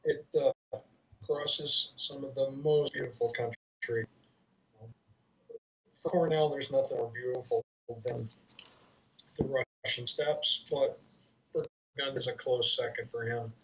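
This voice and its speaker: A man narrating as game master for a streamed tabletop game, describing the scene in an unhurried way with pauses. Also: medium pitch, fairly even intonation, a bit bright, a little hiss or hum, rough recording.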